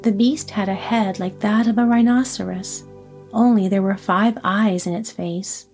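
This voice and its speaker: A woman reading a storybook aloud as the narrator, in a calm, even way. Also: mid-range voice, unhurried, faint music behind. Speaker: audiobook narrator.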